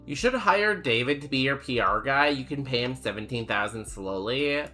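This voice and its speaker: Over faint background music, a young male streamer talks at a normal speed in a medium-pitched voice that sounds animated, bright and forceful. He rambles and jokes with his chat, full of fillers, while playing and reading their messages.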